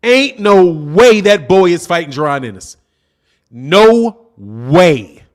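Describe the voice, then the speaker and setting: Heated high-voiced man on a boxing livestream. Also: sing-song, slow. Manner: blunt, heated, mocking commenters, repeats himself. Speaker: boxing channel host. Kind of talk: livestream commentary reading chat.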